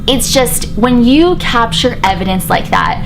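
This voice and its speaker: A young woman chatting excitedly in a casual vlog about a paranormal investigation, with lots of fillers. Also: a little high, a little slow, music in the background. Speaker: paranormal vlogger.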